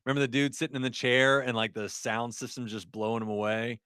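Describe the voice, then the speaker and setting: A middle-aged man hosts his livestream in a relaxed, talkative way, reading viewers' comments and laughing easily. His voice sits at an ordinary pitch for a man. It is recorded close and dry, with no room echo. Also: fast talker, hardly any pauses, clean tone. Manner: chatty, reads chat aloud, laughs often. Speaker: livestream host, ER nurse. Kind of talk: casual livestream chat.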